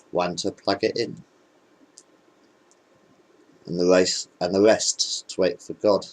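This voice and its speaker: A man casually telling jokes into a webcam in a rambling, hesitant, deadpan way. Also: sits low, poor audio. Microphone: webcam microphone.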